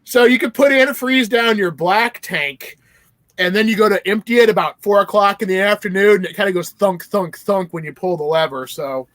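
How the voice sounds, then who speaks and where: High-voiced rambling male joke teller. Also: moderate pace, fairly bright tone, dry recording. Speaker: guest calling in to a live show. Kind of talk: casual chat and joke-telling. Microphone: phone.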